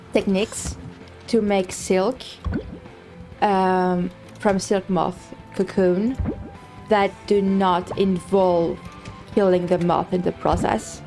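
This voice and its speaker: A woman's voice: medium pitch, mellow. A woman streaming a game live, chatting casually and thinking aloud, rambling with many fillers and restarts. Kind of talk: casual live-stream chat while gaming.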